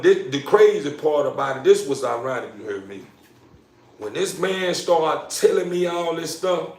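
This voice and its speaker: A man telling a profane personal story, repeating phrases and building excitement as he goes. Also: medium pitch, creaky. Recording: roomy, from a distance.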